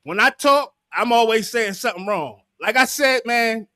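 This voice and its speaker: High-voiced man hosting a heated argument. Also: expressive, normal speed, sharp tone, clean tone, no room sound, studio quality. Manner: emphatic, argumentative, repeats himself, profane. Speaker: livestream show host. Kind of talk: heated panel discussion.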